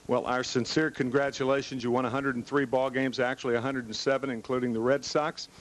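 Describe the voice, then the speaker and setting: A man, a broadcast reporter, putting low-key conversational questions in a clubhouse interview. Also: flat delivery, brisk, poor audio. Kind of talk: post-game interview questions. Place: losing team's clubhouse. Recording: crowd noise behind.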